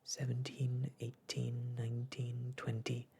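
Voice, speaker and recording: A man's voice: mid-range voice, takes it slowly, creaky, husky, heavily acted. A man voicing an eager, wondering young girl in a whispered role-play. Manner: excited, wondering.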